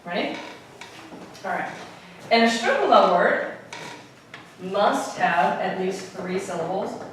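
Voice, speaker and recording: Woman teaching in an echoey classroom. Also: medium pitch. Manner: asks the class questions, repeats key points. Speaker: Spanish teacher. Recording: roomy, distant classroom recording with noise.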